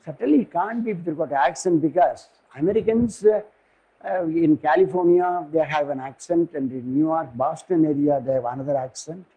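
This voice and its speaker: An older man from India with an Indian English accent gives a philosophy lecture, digressive and halting, often pausing to search for words. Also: fairly high pitch, slightly rough, narrow, tinny audio.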